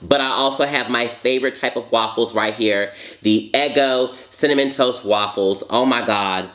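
A young man hosting a casual mukbang vlog, sassy and animated, jumping high in pitch and then drawling low and slow. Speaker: vlogger.

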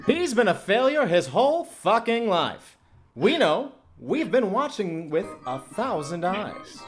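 A man's voice: sits high, sing-song, slow pace, over loud music, exaggerated voice. A man voicing a sinister carnival barker who taunts his customer with oily, overly polite mockery. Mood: mocking.

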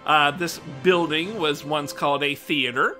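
A young American man talks to his stream in a loose, rambling way, swearing casually and sounding a bit winded. His voice sits somewhat high for a man and rings very bright and forceful. Faint music plays behind him. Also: steady tone, measured pace. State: slightly out of breath. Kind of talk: casual rambling chat to viewers.

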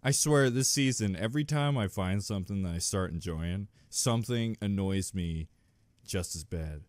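A man's voice: fairly low pitch, normal speed, a little mellow, dry recording. A man hosting a reaction video in casual commentary, joking crudely and often laughing at his own jokes. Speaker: reaction channel host.

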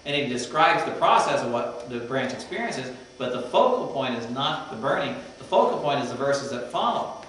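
A male professor talks through Greek grammar in a relaxed, explanatory classroom manner. He is heard from a distance in a very echoey room, with a faint hum underneath. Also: medium pitch, normal speed. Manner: explanatory, parses Greek forms aloud, conversational asides. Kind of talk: classroom lecture.

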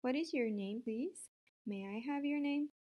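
A woman's voice: sits high, unhurried, dull audio, pitched above the performer's own voice. A woman voicing an earnest, eager young male pig in a storybook reading. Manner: polite, pleading.

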